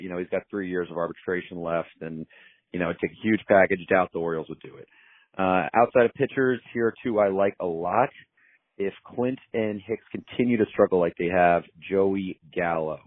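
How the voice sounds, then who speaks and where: Low-voiced caller on a tinny phone line. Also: male voice, no room sound. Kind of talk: phoned-in listener pitch.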